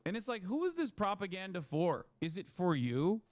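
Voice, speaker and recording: Sarcastic male streamer, fairly high voice. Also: big pitch swings, normal speed, a little mellow, no room sound. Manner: sarcastic, rambling, lots of "like". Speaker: live stream host. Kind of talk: casual political commentary.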